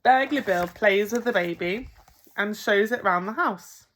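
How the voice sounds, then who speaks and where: A woman reading a picture book aloud to children as a primary school teacher, expressive and playful. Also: mid-range voice, a little slow. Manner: expressive, with gasps and playful emphasis.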